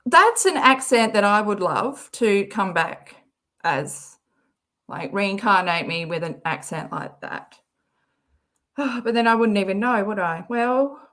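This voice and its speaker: A woman's voice: medium pitch, lively intonation, takes it slowly, sharp tone. An Australian woman hosting a livestream, chatting casually and giggling while she reads out viewer messages. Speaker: livestream host. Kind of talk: casual chat reacting to a clip.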